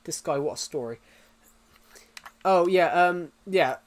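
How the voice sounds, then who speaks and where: A man's voice: on the high side, slow pace. A young British man streaming live, chatting casually with viewers in a rambling way, full of restarts and fillers. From United Kingdom.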